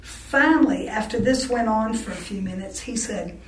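Interviewee, woman, slightly high voice, candid and halting, wry laughs; distant mic in an echoey room. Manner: candid, halting with frequent restarts; laughs wryly between remarks. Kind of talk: oral history storytelling. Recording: roomy sound from a distant mic.

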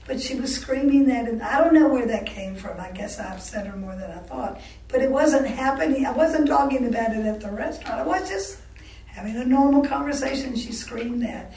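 A woman's voice: on the high side, lively intonation, warm tone. Candid woman recalling past, roomy distant sound. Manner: candid, halting with frequent restarts; laughs wryly between remarks. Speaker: interviewee. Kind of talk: oral history storytelling.

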